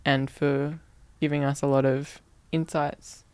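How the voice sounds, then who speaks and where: A woman co-hosting a podcast, calmly prompting her partner in casual chat with short affirmations. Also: low-pitched, a little slow, clean tone, dry recording. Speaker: podcast co-host.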